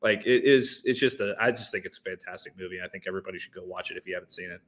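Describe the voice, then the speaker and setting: A man with a lowish, bright, forceful voice co-hosts a sports talk show. He speaks casually, stumbling over fillers, with real enthusiasm. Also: racing, a little hiss or hum. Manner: hesitant, enthusiastic, lots of fillers. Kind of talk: casual chat.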